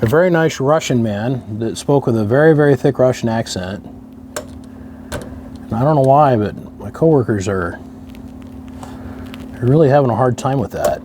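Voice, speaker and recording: A man's voice: mid-range voice, lively intonation, a little slow, long pauses, darkish tone, a little hiss or hum. A middle-aged man talking casually to himself while he works on equipment, wry and grumbling as the job fights him. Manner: wry, grumbling, talks to himself over a stubborn task. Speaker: radio hobbyist working on an amplifier. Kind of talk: casual rambling monologue while working.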